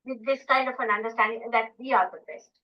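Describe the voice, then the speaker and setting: A woman's voice: a little high, quick pace. Emphatic woman on a dull old tape. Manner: emphatic, full of rhetorical questions and repetitions. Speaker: spiritual teacher. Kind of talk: informal talk to a small group. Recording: dull archival recording from far off.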